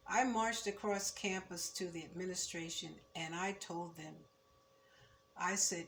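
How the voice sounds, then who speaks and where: An older woman in her seventies recalling her student years in a measured, reflective oral-history telling, turning firm when she speaks of injustice. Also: fairly low pitch, fairly even intonation, a bit bright, a little hiss or hum. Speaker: former student recounting memories.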